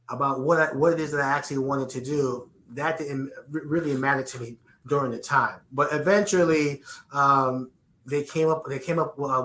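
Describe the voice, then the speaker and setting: Recorded with a roomy echo, a podcast guest in a conversational interview answers earnestly in a mid-range, bright, forceful voice. He's a middle-aged man from the Bronx with a New York accent who tends to repeat words when beginning sentences and often starts over.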